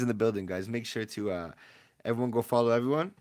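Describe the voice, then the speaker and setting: A young man hosting a casual livestream from his room at home, chatting in relaxed slang and jumping from quiet mumbles to sudden loud yells. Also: on the low side, a little fast. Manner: laid-back slangy banter with chat. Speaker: livestream host opening card packs.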